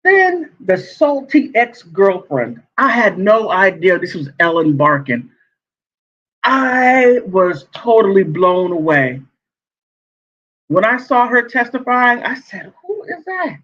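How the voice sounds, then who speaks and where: High, animated man dishing gossip. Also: takes it slowly. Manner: sassy, animated, laughs often. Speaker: celebrity gossip vlogger. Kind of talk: casual commentary. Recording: dull lo-fi sound.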